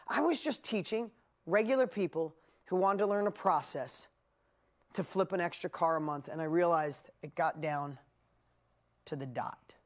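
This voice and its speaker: Animated New York woman, motivational speaker. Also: medium pitch. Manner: animated storytelling with acted-out inner voices. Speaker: online business coach. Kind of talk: motivational seminar talk.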